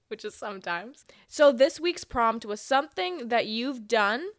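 A woman's voice: fairly high pitch, animated, a little slow. A woman co-hosting a podcast in casual chat, playful and teasing, swearing casually. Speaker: podcast co-host.

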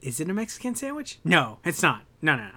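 A young man talks in a casual podcast chat with a bright, forceful voice that sits a little high. He rants with animated energy and swears freely. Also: quick pace. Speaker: podcast co-host.

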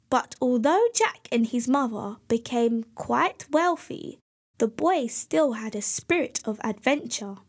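A woman narrating a fairy tale in a slow, clear, expressive storybook style. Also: a little high.

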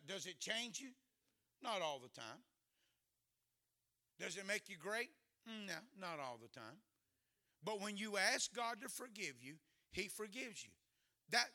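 A man preaching a humorous sermon as a guest, folksy and joking, with loud bursts. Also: high voice.

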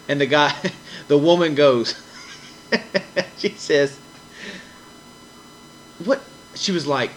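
A man hosting a podcast, telling a story in a casual, animated way and acting out the people in it with raised voices. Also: fairly high pitch, unhurried, long pauses, poor audio. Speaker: podcast host.

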